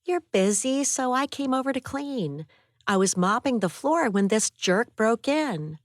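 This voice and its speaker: A woman voicing a hoarse, plucky young woman in an audiobook, talking high and breathless. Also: animated, measured pace, no echo, clean studio sound. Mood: earnest.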